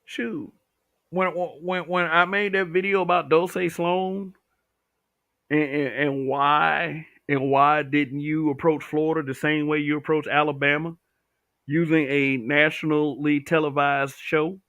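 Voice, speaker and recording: A man's voice: fairly high pitch, fairly even intonation, a little slow, pushed and bright, no echo, muffled recording. A man hosting a livestream, talking bluntly with profanity and reading viewer comments. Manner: blunt, profane, talks back to chat.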